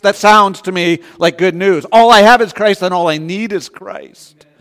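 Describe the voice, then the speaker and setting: A man's voice: sits high, a bit bright, big-room sound. A male pastor preaching a sermon in a church, talking to the congregation in a conversational way and often asking rhetorical questions.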